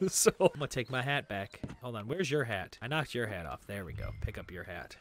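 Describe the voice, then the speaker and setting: A man hosting a video game playthrough in a casual, goofy, joking way, breaking into sudden excited yelps. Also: fairly low pitch, brisk, hardly any pauses. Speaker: host. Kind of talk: casual gameplay commentary.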